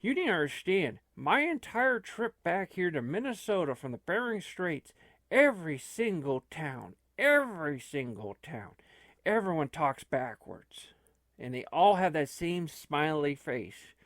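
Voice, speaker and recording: A man's voice: fairly high pitch, very animated, measured pace, fairly bright tone, no echo, studio quality, full character voice. A man voicing a fretful, talkative old man who stammers and rambles in comic improvised role-play. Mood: urgent.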